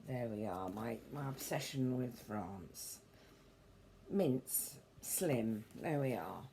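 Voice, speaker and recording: A woman's voice: a bass voice, animated, takes it slowly, warm tone, a little hiss or hum. A middle-aged woman rambling casually as she shows off her books, meandering and a little prim, correcting herself as she goes. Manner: meandering and prim, with self-corrections and formal turns of phrase. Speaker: vlogger showing her book collection. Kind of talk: rambling casual show-and-tell.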